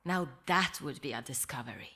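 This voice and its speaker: An actress playing a sarcastic, skeptical academic in a story game, with a dry, mocking delivery. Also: female voice, extremely low pitch, lively intonation, a little fast, pushed and bright, breathy edge, heavily acted.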